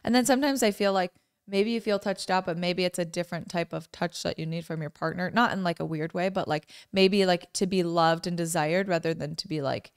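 Young woman podcast co-host, smooth clear voice, dry close mic, rambling chatty delivery. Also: lowish voice, fairly quick, no echo. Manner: rambling, many "like" fillers. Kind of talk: casual couple podcast chat.

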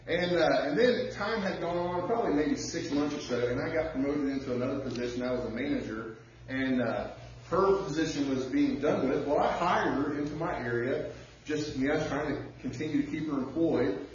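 Male pastor, fairly high voice, folksy storytelling sermon, recorded from far back in a very echoey church with dull sound. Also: a little hiss or hum. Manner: conversational preaching with personal stories, drawling slow emphasis.

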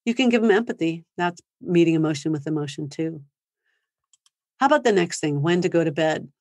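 A woman with a fairly low voice presents a parenting seminar online, talking in a relaxed, conversational way. She picks up from a video call microphone, and the sound is dry and close with no room echo. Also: fairly quick. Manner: conversational, acts out sample phrases for parents to use. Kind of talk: live online seminar talk.

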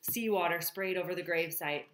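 A woman with a fairly low voice reads a novel aloud and now and then stops to comment on the plot. Her voice carries a roomy echo. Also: fairly quick, a little hiss or hum. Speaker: reader.

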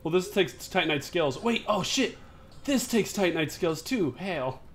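A man's voice: high-pitched, animated, normal speed, slight background noise. Profane young man retelling a gaming story. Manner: profane, storytelling, loud laughing outbursts. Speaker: gaming co-host. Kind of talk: casual gaming chat.

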